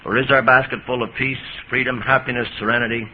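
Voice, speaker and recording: A male priest giving a lively, folksy talk on recovery to an audience, recorded on an old 1980s tape. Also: medium pitch, fast. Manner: lively, folksy, jokey storyteller. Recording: muffled 1980s tape with hiss.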